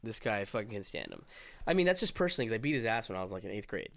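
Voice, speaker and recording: A young man hosting a casual chat, telling a profane, animated story and acting out the quotes. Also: on the low side, very fast, vocal fry, no echo. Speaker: podcast host.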